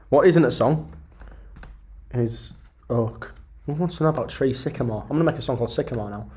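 Young man, podcast host, casual interview, rambling, jokey, playful banter, mid-pitched voice. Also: fairly quick, long pauses, dark tone. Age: young adult.

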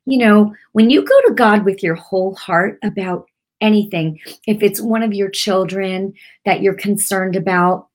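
This middle-aged woman, a devotional Christian teacher, talks in an earnest, conversational way at a moderate pace, with a mid-range voice. She repeats phrases often and leans on plenty of fillers.

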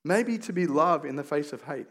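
A man's voice: on the high side, animated, moderate pace, fairly bright tone. A middle-aged man preaching a sermon as a pastor, in a conversational, storytelling way with rhetorical questions and casual asides.

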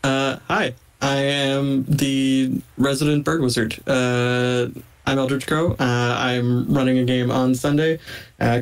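A man talks through his character's plans at a tabletop game, looping back with "like" as he thinks. His voice sits at an ordinary middle pitch. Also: rough recording. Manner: rambling, heavy use of "like". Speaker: player. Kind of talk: casual chat at the game table.

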